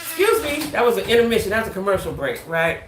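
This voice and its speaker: A woman's voice: medium pitch, quick pace, roomy sound, faint music behind. A woman hosting a live stream, giving casual, emphatic commentary on a reality show and talking straight to her viewers. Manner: animated, emphatic, talks to viewers.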